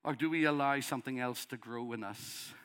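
Passionate Northern Irish preacher. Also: male voice, mid-range voice, brisk. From Northern Ireland. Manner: passionate, rising to loud pleading. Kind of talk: sermon.

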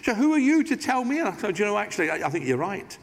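In a large church with hall reverb, a pastor with a high-sitting, very animated voice preaches fast. His sermon is conversational, full of asides and light humor.

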